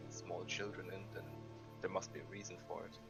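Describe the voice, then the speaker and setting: A man's voice: low-pitched, flat delivery, a little fast, vocal fry. A man playing a tabletop role-playing game, talking hesitantly with stumbling restarts. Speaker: player. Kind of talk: tabletop role-play, in and out of character. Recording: dull audio with faint music.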